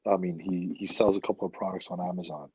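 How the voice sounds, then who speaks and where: Male guest, husky and low, blunt animated talker, dry close sound. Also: quick pace, no room sound, dull audio. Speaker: podcast guest. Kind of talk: casual chat.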